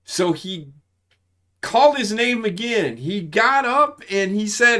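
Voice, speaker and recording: A man's voice: sits high, slow pace. Profane, rambling army veteran in his forties. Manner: profane, rambling, animated when telling stories. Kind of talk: casual storytelling chat.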